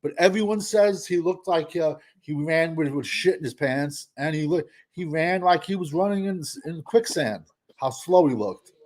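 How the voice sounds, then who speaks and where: A man co-hosting a sports show, animated and insistent while arguing with a fellow panelist. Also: a little high, normal speed. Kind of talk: heated sports debate.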